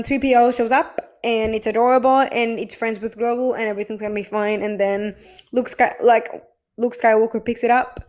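A young woman chats casually to camera about a show she loves. She gushes and swears freely, acting out what people said. Her voice sits a little high. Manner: gushing, emotional, swears freely, quotes people in animated voices. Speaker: vlogger reviewing a TV episode. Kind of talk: casual chat.

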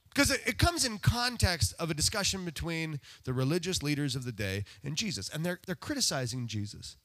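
A man's voice: on the high side, sing-song, moderate pace, a bit bright. A man preaching a sermon in a conversational, self-deprecating way, putting rhetorical questions to the congregation. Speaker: pastor.

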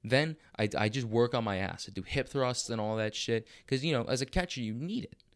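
A brash young man rants into a podcast mic, crude and full of swearing. He brags loudly and breaks into quick, excited bursts. His voice sits at an ordinary male pitch. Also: clean tone. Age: young adult. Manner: crude, boastful, profane rants; bursts of fast, excited talk. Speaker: podcast host. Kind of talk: casual monologue.

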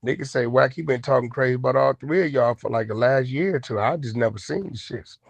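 A man hosting an online talk room, naturally loud, blunt and aggressive, with profane casual speech. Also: medium pitch, quick pace, vocal fry, no echo. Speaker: host. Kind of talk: heated casual chat. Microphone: online audio room.

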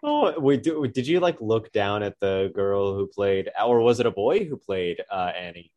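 A man's voice: lowish voice, lively intonation, moderate pace, a little mellow, highs cut off. Young guy cohosting a podcast, rambly storytelling, tons of likes and ums. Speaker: podcast co-host. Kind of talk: casual storytelling chat.

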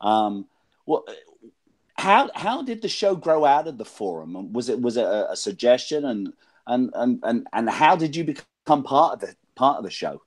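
A man hosting a casual interview, asking questions in a halting way that repeats words. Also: mid-range voice, big pitch swings. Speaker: host.

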